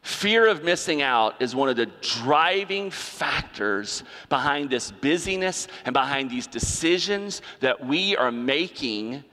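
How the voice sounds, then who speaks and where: Bright-voiced preacher in a reverberant hall. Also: male voice, fairly high pitch. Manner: preaching with emphatic repetition and rhetorical questions. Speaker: pastor. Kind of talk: sermon.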